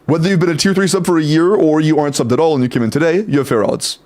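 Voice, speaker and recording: A young man streaming live, casually chatting and greeting viewers in quick succession, swearing now and then. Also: on the high side, a little mellow. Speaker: streamer reviewing game accounts.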